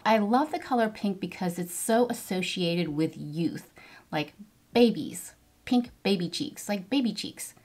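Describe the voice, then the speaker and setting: A woman's voice: on the low side, a little mellow. A woman in her fifties doing a get-ready-with-me makeup tutorial, gushing enthusiastically over each product as she applies it. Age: 50s. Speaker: beauty vlogger.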